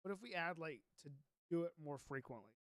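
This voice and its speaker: Chatty young male streamer, high voice. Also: animated, a little fast, a bit bright, no echo, clean studio sound. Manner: chatty, rambling, reads his own text aloud. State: sleepy, yawning. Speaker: Minecraft streamer. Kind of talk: casual live-stream chat.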